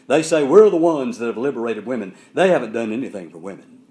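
A male preacher in full sermon delivery, emphatic and building through repetition. His pitch rises and falls widely, sitting a bit high for a man. He slows down to drive each point home. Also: darkish tone.

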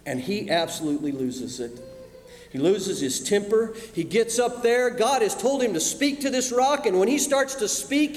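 A man preaching a sermon, swinging between loud emphasis and hushed asides. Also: high-pitched, animated, normal speed. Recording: echoey hall with long reverb.

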